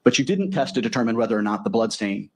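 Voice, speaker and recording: A defense attorney with a husky, slightly breathy voice works through a courtroom cross-examination, methodically closing each point with a leading tag question. He speaks quickly, on the low side, with a darkish tone.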